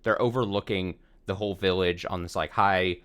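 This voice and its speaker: A man's voice: deep voice, fairly even intonation, moderate pace, fairly bright tone, smooth. A man streaming a visual novel, recapping the story in a casual, rambling way with restarts and the odd swear. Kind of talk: casual let's-play commentary.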